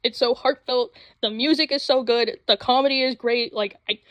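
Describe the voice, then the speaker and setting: A young woman rambling excitedly about anime in a casual vlog, full of fillers and sudden jumps in voice. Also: fairly high pitch, no echo. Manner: rambling, excitable, with frequent fillers and quick voice switches. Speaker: anime vlogger. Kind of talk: casual chat. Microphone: phone mic.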